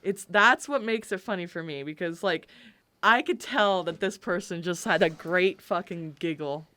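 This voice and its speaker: A woman's voice: lowish voice, normal speed, a bit bright, dry recording. A young woman co-hosting a podcast, telling funny stories in casual chat, giggling often and swearing freely. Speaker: podcast co-host.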